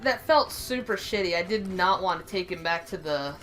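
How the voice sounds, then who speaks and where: A woman's voice: on the low side, moderate pace, slight background noise, poor audio. Chatty, laughing young woman co-host. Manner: rambling, animated storyteller who laughs often. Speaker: co-host of a gaming stream. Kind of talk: casual chat over gameplay.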